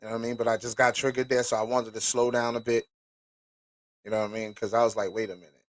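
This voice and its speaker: A man at middle pitch talks to his podcast listeners in a loose, blunt, profane way. The sound is close and dry, with no room echo. He reads a document aloud and stops often for asides. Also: little pitch movement, fast. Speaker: podcast host. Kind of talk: casual podcast commentary, reading a document aloud.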